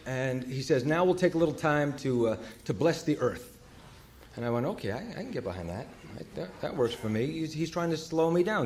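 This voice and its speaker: A man sharing his recovery story in a humorous, animated way, jumping between loud outbursts and hushed asides. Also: a little high, a little hiss or hum.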